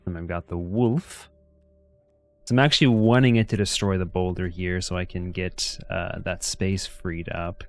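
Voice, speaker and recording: A man's voice: deep voice, steady tone, normal speed. A man streaming a card game, thinking aloud and greeting chat in an easygoing way. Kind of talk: casual game commentary. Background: faint music.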